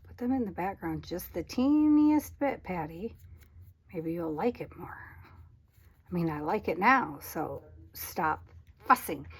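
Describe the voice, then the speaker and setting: A woman vlogging as she crafts, chatting casually in a rambling way and questioning herself aloud. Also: fairly high pitch. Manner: drops to a whisper at times. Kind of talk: casual chat while crafting.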